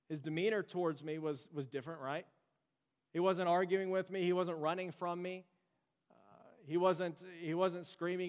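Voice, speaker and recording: A young adult man preaching a sermon as pastor, earnest and conversational, mixing storytelling asides into his message. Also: on the high side. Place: church sanctuary. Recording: long church hall reverb.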